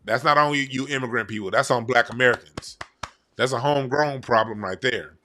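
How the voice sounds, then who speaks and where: A man's voice: mid-range voice, fairly quick, pushed and bright, slight background noise. A man giving blunt, profane, rambling commentary on a casual vlog. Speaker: YouTube commentator.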